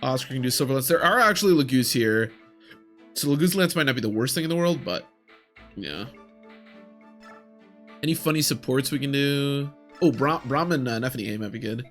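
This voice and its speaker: A man's voice: medium pitch, animated, fairly quick, pauses often, fairly bright tone, soft background music. A young man commentating casually on his own game, rambling and talking to himself. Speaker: gaming streamer.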